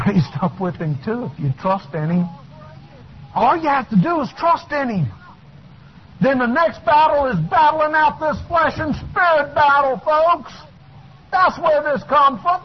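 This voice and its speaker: Captured in a muffled, lo-fi recording, this fiery sermon comes from a male preacher whose voice has a slight roughness. He bellows his points, then sinks to quiet asides.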